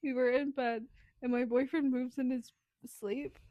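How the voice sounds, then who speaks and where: A woman with a high voice chatting on a casual podcast, blunt and salty, laughing as she tells her stories. The sound is dry and close to the mic. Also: fairly even intonation, a little slow, warm tone, no room sound. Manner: blunt, swears freely, laughs a lot. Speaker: podcast co-host. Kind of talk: casual chat, book review podcast.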